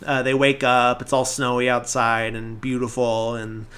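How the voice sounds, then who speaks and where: A man's voice: mid-range voice, monotone, moderate pace, fairly bright tone, clean tone. Casual man rambling through a recap. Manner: rambling, filler-heavy retelling with lots of "like"; briefly acts out characters' lines in the retelling. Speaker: podcast host.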